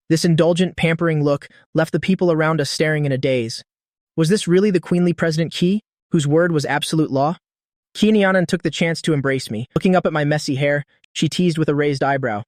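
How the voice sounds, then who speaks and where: Man, story narrator, fairly high voice, dry close recording, steady read. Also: brisk, dry recording. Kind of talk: scripted audiobook narration.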